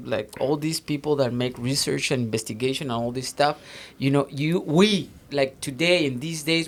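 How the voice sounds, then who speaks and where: A man with a Mexican accent talks loosely on a podcast. He rambles, circles back and restarts his sentences, padding them with fillers. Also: medium pitch. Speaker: podcast co-host. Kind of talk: casual chat.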